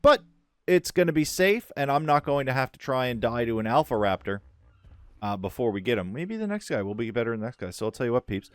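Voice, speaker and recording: A man hosting a let's-play, talking through his game casually and swinging from hushed to loud excitement. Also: medium pitch, fast talker, no room sound. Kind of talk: casual gameplay commentary.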